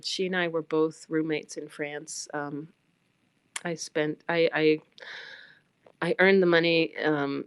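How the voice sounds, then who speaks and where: Blunt low-voiced New woman. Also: clear, resonant tone, no room sound. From New York. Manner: blunt, animated, emphatic storytelling. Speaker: livestreamer. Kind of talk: casual personal storytelling.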